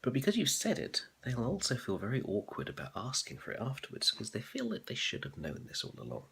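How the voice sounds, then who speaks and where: A man's voice: mid-range voice, wildly swooping pitch, brisk, vocal fry, fairly bright tone, a little hiss or hum. A man talking casually and thoughtfully about what he learned on his course, with frequent ums and uhs. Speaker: MBA student vlogger. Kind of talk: casual reflective monologue.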